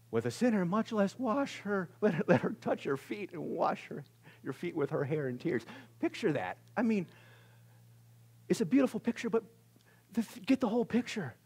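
A male pastor giving a conversational sermon in a church service, swinging from loud exclamations to hushed near-whispers and laughing at himself. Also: high voice, expressive, normal speed, breathy edge.

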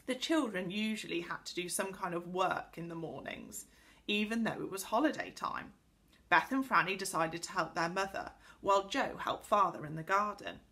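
A woman teacher reading a children's book aloud to pupils in an expressive storytelling voice. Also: medium pitch. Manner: speaks directly to pupils.

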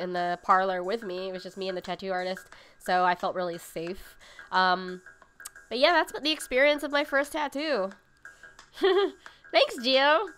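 A woman's voice: medium pitch, a bit bright, clear, resonant tone. A woman hosting a cooking livestream, chatting casually with viewers and rambling with lots of fillers. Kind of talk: casual chat reading viewer comments. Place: home livestream setup.

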